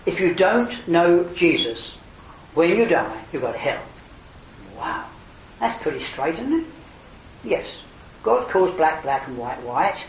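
A man's voice: a little high, slight background noise. Older man preaching earnestly, far off. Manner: earnest, rising to emphatic exclamations then dropping soft. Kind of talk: evangelistic sermon. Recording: roomy hall, distant mic, faint ambience.

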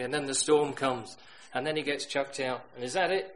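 A middle-aged man preaching a sermon, telling stories that swing from loud emphatic bursts to hushed quiet lines. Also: mid-range voice, steady tone, moderate pace, few pauses, poor audio.

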